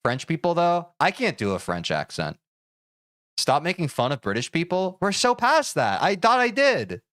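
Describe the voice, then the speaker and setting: A male streamer talking casually with his chat, with lots of movement in his pitch. He sounds animated, jokey and self-deprecating as he responds to messages. The recording is dry and close, with little room sound. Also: normal speed, no echo.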